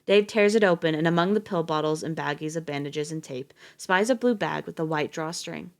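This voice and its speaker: Woman narrator, lowish voice, steady storybook reading. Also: fairly quick. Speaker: audiobook reader on a livestream.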